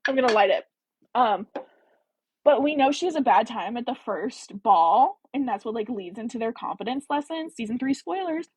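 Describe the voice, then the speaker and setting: A woman's voice: on the high side, normal speed, husky, dry recording, rough recording. Chatty woman hosting a book livestream. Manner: animated, chatty, reacts to viewer comments. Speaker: book club host. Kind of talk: casual livestream chat.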